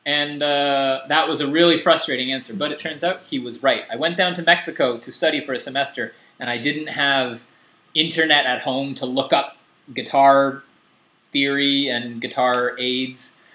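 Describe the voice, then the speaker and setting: A man's voice: mid-range voice, normal speed. Young man teaching guitar, echoey room. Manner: relaxed, rambling, self-deprecating. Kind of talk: casual guitar lesson. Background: guitar strumming.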